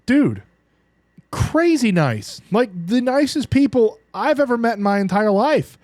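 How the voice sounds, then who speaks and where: A man co-hosting a podcast, chatting casually and chiming in with quick agreements. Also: very high voice, sing-song, a little mellow, no echo. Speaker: podcast co-host. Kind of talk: casual chat.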